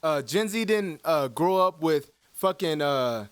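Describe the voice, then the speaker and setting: A man's voice: on the high side, measured pace, smooth, no room sound. A man in his twenties, co-hosting a podcast, telling stories in casual chat with lots of laughter and swearing. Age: 20s. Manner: animated storyteller, laughs a lot, swears freely. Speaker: podcast co-host.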